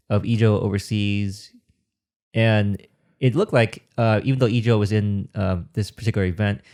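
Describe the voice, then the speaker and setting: A man's voice: on the low side, a little mellow. A man hosting a podcast, asking casual interview questions in a hesitant way. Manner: hesitant, many fillers and restarts while asking. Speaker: podcast host.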